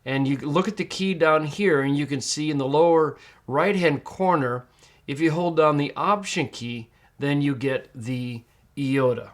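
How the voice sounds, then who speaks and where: A middle-aged man teaching in a screencast tutorial, explaining step by step and slowing down to model words. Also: on the high side. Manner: patient, explains step by step, slows down to model pronunciation. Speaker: Greek teacher.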